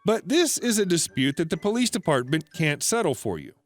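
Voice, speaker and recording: A man voicing a calm, patient police officer in a story read aloud. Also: on the high side, a little fast, faint music behind.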